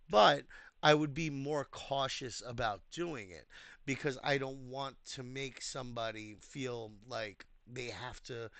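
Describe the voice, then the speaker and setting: A man's voice: mid-range voice, a bit bright, no echo. A young American man talking casually and earnestly, giving advice with many restarts and fillers. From United States. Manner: earnest, explanatory. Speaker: community host reviewing threads.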